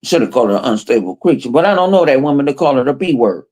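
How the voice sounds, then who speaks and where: Animated, swearing podcast man. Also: mid-range voice, very fast. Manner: animated, profane storytelling with quoted voices. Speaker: podcast host. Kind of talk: casual chat.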